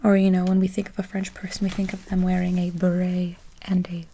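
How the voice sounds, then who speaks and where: A woman in a whispered role-play as a French tutor. She talks to the listener softly and encouragingly in a chatty way, close to the microphone. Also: on the low side, completely flat delivery, a little fast, slight background noise.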